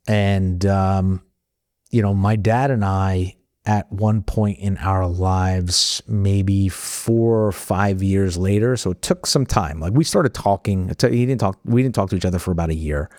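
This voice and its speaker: Low-voiced man telling a personal story. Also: measured pace, no room sound, clean studio sound. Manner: animated when acting out dialogue, frequent restarts. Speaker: guest. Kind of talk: conversational storytelling.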